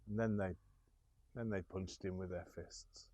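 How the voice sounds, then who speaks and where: A man retells scripture with a slow, deliberate pace, now and then restarting a word. His voice sits low, and the sound is close and dry with no room around it. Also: fairly even intonation, a little mellow, no room sound. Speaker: scripture reader. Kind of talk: scripture storytelling.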